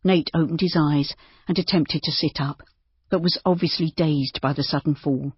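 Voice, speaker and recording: An audiobook narrator reads in a steady, measured way. The voice has a husky, breathy edge. The recording is dry and close, with a dull, lo-fi tone. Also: mid-range voice, no echo. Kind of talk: scripted narration.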